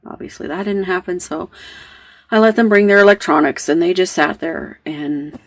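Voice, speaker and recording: A woman's voice: on the low side, normal speed. A woman hosting a knitting podcast, telling a story in a chatty, rambling way with plenty of fillers and asides. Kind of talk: casual storytelling chat.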